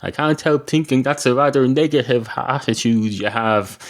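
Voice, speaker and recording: A man's voice: mid-range voice, moderate pace, pitched above the performer's own voice, natural voice. An Irish man voicing a chatty, matter-of-fact male guide dog in a spoken joke. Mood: dry.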